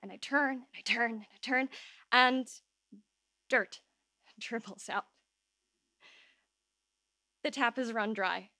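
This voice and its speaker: A woman telling a true personal story live on an open-air stage, emotional and halting, voice shaking at times. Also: fairly high pitch, pushed and bright, no echo, clean studio sound.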